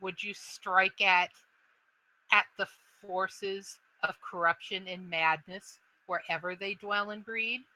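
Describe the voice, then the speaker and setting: A stern mother dragon, as a woman game master puts her on, grave and formal in what she demands. The voice is slow and quite bright, pitched a little lower and quieter than her narration. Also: steady tone, low-quality recording. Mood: demanding.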